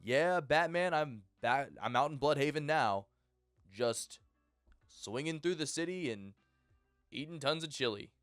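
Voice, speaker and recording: A man voicing a breezy, cocky young adult male hero, talking loud and casual. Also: on the high side, measured pace, no echo, clean studio sound, soft background music.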